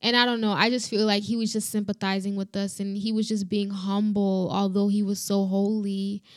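A woman's voice: medium pitch, flat delivery, no room sound. Woman talking through a bible passage, earnest, stops and restarts a lot, gets emotional, dry close sound. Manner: earnest, halting, many restarts and "you know". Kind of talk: personal Bible reflection.

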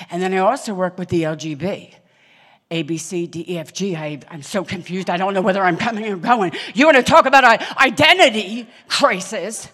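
A middle-aged woman preaching to a church congregation, telling stories dramatically and acting out the voices of people she quotes, dropping to whispers and rising to loud exclamations. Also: lowish voice, slightly rough. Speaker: guest preacher. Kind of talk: animated sermon with storytelling. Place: church hall in front of a congregation.

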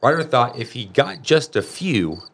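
A man reading a children's storybook aloud in an expressive, animated way. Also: mid-range voice, measured pace, vocal fry, slight background noise. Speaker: narrator.

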